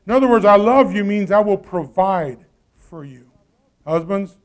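A man's voice: high voice, lively intonation, measured pace. A man preaching a sermon in a conversational way, often putting questions to the congregation. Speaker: pastor.

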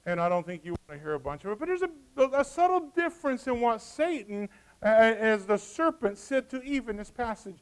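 A man preaching a sermon, lively and folksy, throwing joking asides to the congregation. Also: sits high, a little fast, smooth.

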